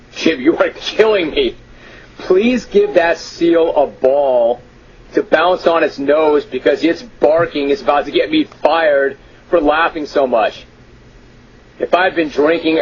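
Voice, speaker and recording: A man's voice: on the high side, slight background noise. Brash man hosting a radio talk show. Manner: brash, amused, mock-exasperated. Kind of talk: radio talk show, reading listener emails. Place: radio studio. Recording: dull lo-fi radio broadcast.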